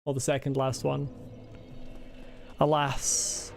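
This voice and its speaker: A man's voice: on the high side, fairly quick, vocal fry, soft background music. A man commenting on his own gameplay during a live stream, muttering to himself, humming and swearing under his breath. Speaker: game streamer.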